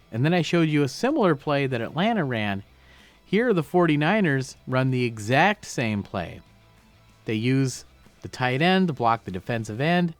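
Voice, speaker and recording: A man's voice: a little high, no echo. A man breaking down football game film, explaining each play and stressing key words.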